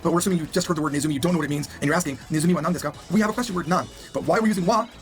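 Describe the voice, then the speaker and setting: A man's voice: fairly high pitch, very fast, faint music behind. A man teaching a recorded language lesson, upbeat and joking as he explains grammar rules.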